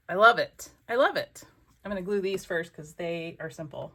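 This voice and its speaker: A woman's voice: lowish voice, normal speed, pushed and bright, a little hiss or hum. A woman hosting a crafting vlog, chatting casually and talking to herself as she works. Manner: chatty, exclamatory, talks to herself while working. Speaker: crafting channel host.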